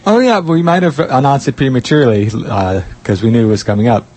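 A man's voice: medium pitch, quick pace, a little mellow. A man with an ordinary mid-range voice co-hosting a casual community radio show. He sounds easygoing and supportive, often laughing along with his partner. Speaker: radio co-host.

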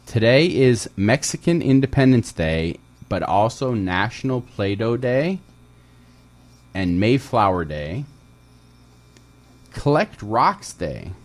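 A man's voice: on the low side, sing-song, takes it slowly, pauses often. A man co-hosting a community radio show in casual chat, joking and reading out listings. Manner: jokey, laughs often, reads listings. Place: radio studio.

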